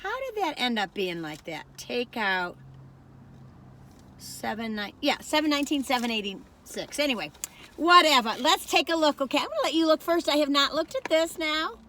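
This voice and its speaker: A woman in her sixties chats her way through a food review, wandering off on tangents and talking straight to the people watching. Her voice sits high and bright. She records on a phone camera from a parked car, with a faint hiss of noise behind her. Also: sing-song, normal speed. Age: 60s. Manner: rambling, digressive, talks straight to viewers. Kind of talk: casual chatty food review.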